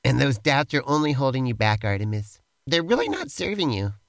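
A man's voice: mid-range voice, big pitch swings, a little fast, gravelly, no echo. A man co-hosting a comedy show, teasing his partner in playful, improvised role-play banter. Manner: upbeat, teasing, playfully pushy. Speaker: co-host.

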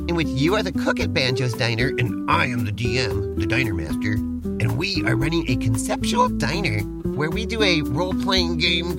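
A man co-hosting a comedic role-play podcast as game master, eager and teasing in his banter, over background music. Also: mid-range voice. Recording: music playing behind.

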